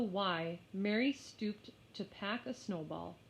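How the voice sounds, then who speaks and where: A woman narrating a children's story aloud in an expressive, unhurried way. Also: medium pitch. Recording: slightly muffled lo-fi.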